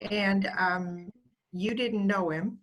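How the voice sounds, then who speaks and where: A woman speaks over a video call, telling fond little stories about a student and quoting her. Her voice sits at an ordinary middle pitch. She tells the stories the way one does in a heartfelt speech. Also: steady tone, takes it slowly, low-quality recording. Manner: warm storytelling, quotes the student fondly. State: getting emotional. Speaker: school staff member giving an award speech.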